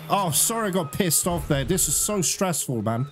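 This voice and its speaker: A young man giving live gameplay commentary as a channel host, excitable, swearing and groaning at the game. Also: fairly high pitch, moderate pace, a little hiss or hum. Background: game music.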